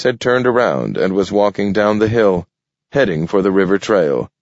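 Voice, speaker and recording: A man with a very deep, steady voice reads scripted audiobook narration, telling the story in a careful, measured way. The sound is dull and lo-fi, close and dry with no room echo.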